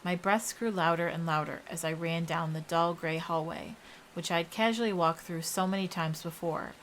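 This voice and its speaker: A young woman narrating a first-person horror story in a steady storytelling voice. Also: lowish voice, normal speed, a little hiss or hum, rough recording.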